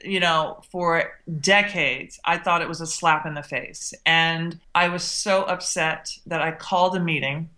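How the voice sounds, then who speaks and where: A middle-aged woman from the South, a guest who tells her stories in an animated way and acts out the exchanges she remembers. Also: low-pitched, measured pace, hardly any pauses. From Southern United States. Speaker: guest, TV chef. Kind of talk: interview storytelling.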